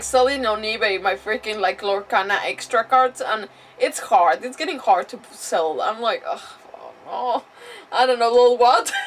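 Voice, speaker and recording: A woman's voice: high-pitched, fairly bright tone, distant mic. A woman gaming streamer from Mexico, chatting casually and rambling with lots of restarts and giggles. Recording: voice a bit off-mic, faint game music.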